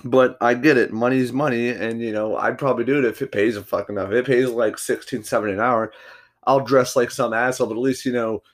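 A man's voice: medium pitch, steady tone, quick pace. A man hosting a solo podcast, telling stories in a rambling, profanity-filled, combative rant. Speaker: podcast host.

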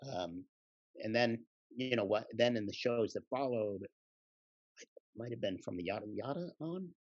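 A man with a husky voice tells behind-the-scenes stories in a loose, rambling, relaxed way and laughs along. The sound is dry and a little dull. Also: lowish voice, normal speed, dry recording. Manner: relaxed, rambling, laughs while telling anecdotes. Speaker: guest actor. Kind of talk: casual interview storytelling.

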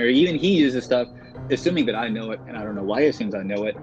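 Podcast guest guy telling long stories, talks kinda proper, lots of "like" and "you know", muffled audio with clear music under it. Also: medium pitch, fast talker. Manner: talkative storyteller, proper speech, frequent fillers. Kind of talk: casual podcast chat.

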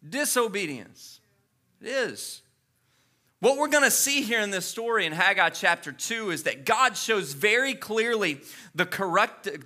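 A man in his thirties preaching from the pulpit in a bright, high-pitched voice with a piercing edge to it. He keeps it animated and playful, tossing in jokes and quick asides as he goes. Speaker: pastor. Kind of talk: sermon.

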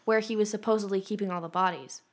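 A young woman co-hosting a podcast in relaxed casual chat. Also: medium pitch, fast. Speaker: podcast co-host.

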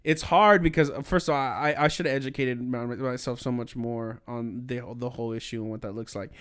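A young man co-hosting a podcast, thinking aloud in casual chat, halting with many restarts. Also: mid-range voice, steady tone, a bit bright, clean tone. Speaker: podcast co-host.

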